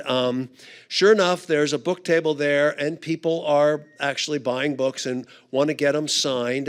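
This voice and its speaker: A man with a fairly high, smooth and resonant voice tells a funny story slowly, taking his time between phrases. As a guest speaker on a church conference stage, he leans on relaxed "uh" fillers while he builds up the anecdote. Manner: unhurried anecdotal delivery with frequent "uh" fillers. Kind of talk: humorous storytelling talk.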